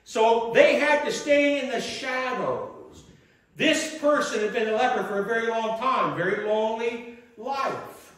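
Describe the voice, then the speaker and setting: A man's voice: very high-pitched, a little slow, fairly bright tone. A male pastor preaching a sermon, retelling a scripture story in a dramatic storytelling manner. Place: church sanctuary. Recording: echoey church hall.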